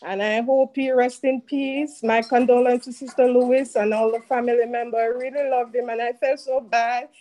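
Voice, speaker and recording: A woman giving a halting, heartfelt spoken tribute at a church service. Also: fairly high pitch, fairly even intonation, mellow, poor audio. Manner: halting, heartfelt, with many restarts. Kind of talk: emotional spoken remembrance.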